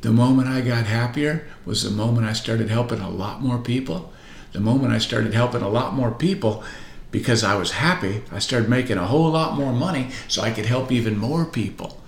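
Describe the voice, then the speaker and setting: A man in his sixties giving a motivational speech as a coach. He is emphatic, repeats words for effect and swings between loud and soft. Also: medium pitch, fairly quick, vocal fry, a little hiss or hum. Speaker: practice coach. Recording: roomy echo.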